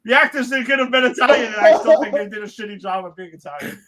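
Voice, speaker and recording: A man's voice: very high-pitched, fast talker, crowd noise, low-quality recording. A man, co-hosting a casual movie podcast and talking bluntly with plenty of swearing. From New York. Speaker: podcast co-host.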